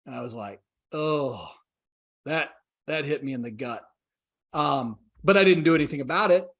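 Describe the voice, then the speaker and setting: A man's voice: a little high, expressive, normal speed. A man in his forties, a podcast guest telling his story in an earnest, reflective way and acting out the dialogue he quotes. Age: 40s.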